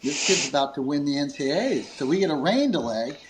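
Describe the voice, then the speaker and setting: A man's voice: a little fast, noisy background. A man who runs a grip company, telling a long story in an interview, acting out quoted lines and chuckling between fillers. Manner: animated, acts out quoted dialogue with pitch jumps.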